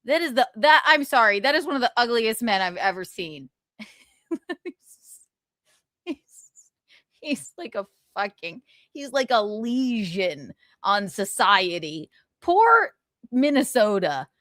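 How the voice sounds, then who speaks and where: A woman's voice: fairly high pitch, expressive, a little slow, fairly bright tone, dry recording, studio quality. A woman hosting a livestream, mocking and blunt with plenty of profanity as she comments on clips. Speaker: livestream host. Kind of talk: profane pop-culture commentary.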